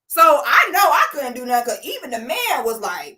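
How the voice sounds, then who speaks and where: Woman, livestream host, swooping lively delivery, storytelling. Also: high voice, moderate pace. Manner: animated storytelling, acting out quotes, reading viewer comments. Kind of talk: casual livestream commentary. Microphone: camera or phone mic on a live stream.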